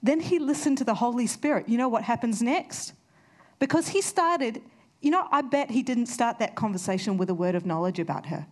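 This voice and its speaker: A woman's voice: on the high side, expressive, fairly quick. A woman preaching a sermon, earnest and conversational, telling personal stories. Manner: earnest, storytelling with conversational asides.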